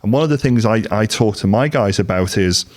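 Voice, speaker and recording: A man hosting a relaxed business podcast, his voice sitting fairly low. He chats easily, with plenty of ums, and slips into little quoted voices to act out what other people say. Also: fairly quick. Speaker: podcast host. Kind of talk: casual business interview chat.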